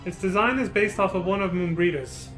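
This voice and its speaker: A man streaming a game live, reacting casually with swearing and laughter, his voice getting hoarse. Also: sits high, brisk, a bit bright, soft background music. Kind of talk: live game playthrough, reading dialogue aloud.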